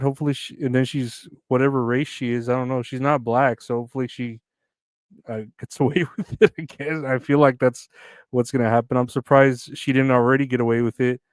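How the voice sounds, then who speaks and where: A man's voice: mid-range voice, darkish tone, no room sound, studio quality. Crude rambling male podcast host. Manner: crude, rambling, jokey, reads news aloud and riffs on it. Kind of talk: solo comedy podcast, casual rambling.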